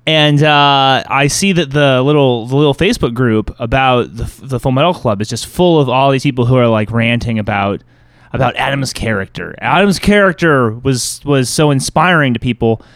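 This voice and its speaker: A young man talks casually and loosely on a podcast, often restarting his thoughts. His voice comes through smooth and clear. The sound is dry and close with little room around it. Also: mid-range voice, normal speed, a bit bright, no room sound. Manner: rambling, restarts sentences, swears casually. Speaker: podcast co-host. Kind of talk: casual chat.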